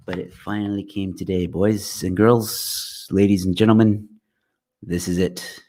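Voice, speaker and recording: Guy with a deep voice, chill jokey livestream host, rambling, clean mic. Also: steady tone, measured pace, dark tone. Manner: jokey, rambling, plugs his channel. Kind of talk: casual livestream chat. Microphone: good quality microphone.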